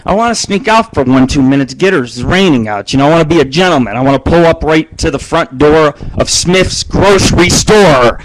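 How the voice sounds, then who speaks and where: A man hosts his own live internet radio show from home, his voice sitting a bit higher than most men's. He rambles through crude stories and swears freely. A faint hiss runs under the recording. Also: lively intonation, a little fast, rough recording. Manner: crude, rambling storytelling with frequent swearing and laughs. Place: home studio broadcasting on live video.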